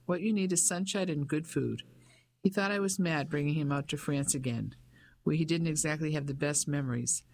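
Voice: medium pitch, vocal fry. A narrator voicing a chatty older Englishwoman who runs a guesthouse, with a Cockney accent. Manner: chatty, homely. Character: older working-class Englishwoman innkeeper, chatty.

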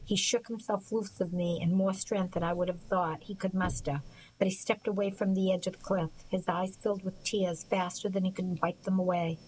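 A woman narrating an audiobook in a measured, even storytelling manner. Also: on the low side, slight background noise, poor audio. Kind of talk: scripted narration.

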